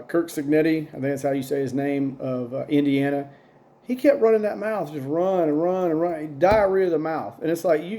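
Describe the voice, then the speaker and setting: A man's voice: fairly high pitch, mellow. A man hosting a casual solo sports talk show, rambling and opinionated with plenty of fillers, a bit tired. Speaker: sports podcast host.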